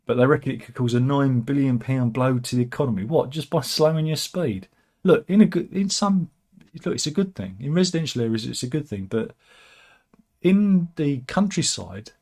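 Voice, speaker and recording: A man's voice: mid-range voice, darkish tone. A man hosting casual satirical news commentary, sardonic and rambling, with chuckling asides. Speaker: host of a satirical news channel.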